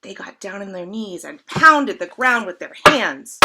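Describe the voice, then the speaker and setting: A woman reading a picture book aloud to children, gently inviting the listeners with questions. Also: medium pitch, very animated, a little slow, heavy background noise. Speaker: storyteller.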